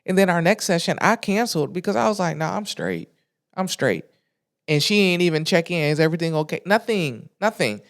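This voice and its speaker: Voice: mid-range voice, quick pace, hardly any pauses. Exasperated podcast host telling a candid story. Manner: animated, candid, with frequent swearing and slang; exasperated retelling with frequent restarts. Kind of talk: casual storytelling monologue.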